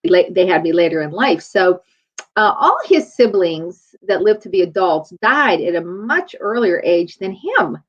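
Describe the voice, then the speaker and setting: A woman's voice: on the low side, animated, measured pace. A middle-aged woman chiropractor giving a faith-based motivational talk in a conversational, storytelling way. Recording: dull lo-fi recording.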